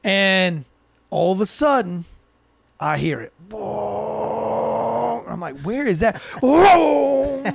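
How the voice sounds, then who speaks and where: A man co-hosting a podcast, telling a story in casual chat, lively, swearing freely and acting out the people he quotes. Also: high-pitched, very slow, gravelly, slightly rough, no echo. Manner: animated, acts out quoted voices, swears freely. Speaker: podcast co-host.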